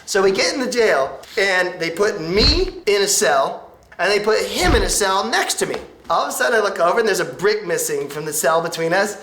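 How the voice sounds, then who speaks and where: A man telling a road-trip jail story in animated, profane, casual storytelling, acting out others' voices. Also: sits high, fairly quick, slight background noise. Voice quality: lively, acts out others' voices. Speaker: skateboarder recounting a road trip. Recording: echoey room with music behind.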